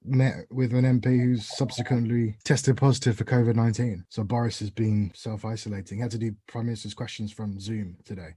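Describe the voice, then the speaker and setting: Fast-talking comic host. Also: male voice, lowish voice, slight background noise. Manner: rapid deadpan riffing. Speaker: podcast host. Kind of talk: casual comedy chat.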